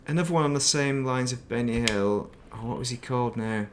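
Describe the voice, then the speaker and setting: A middle-aged man at a mid pitch, chatting loosely on a game stream. He rambles, reminisces and mutters half to himself. Faint keyboard typing sits behind him. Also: a little fast, slight background noise. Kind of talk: casual gaming stream chat.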